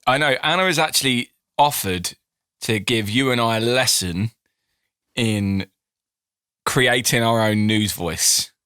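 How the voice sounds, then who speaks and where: A man's voice: mid-range voice, unhurried, bright, forceful tone, smooth, no room sound, clean studio sound. A man co-hosting a podcast, chatting casually, laughing often and restarting his sentences. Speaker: podcast co-host.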